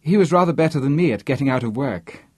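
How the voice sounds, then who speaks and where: A man's voice: mid-range voice, lively intonation, fast talker, a little mellow, breathy edge, dry recording, studio quality, pitched above the performer's own voice. A man voicing a charming, diffident young man who chats politely with a woman on a train. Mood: eager, chatty.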